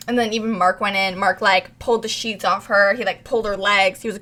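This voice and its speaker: She talks fast in a medium-pitched voice, a young woman sharing hosting duties on an informal podcast. Her storytelling is lively and full of swearing, and she acts out every quote.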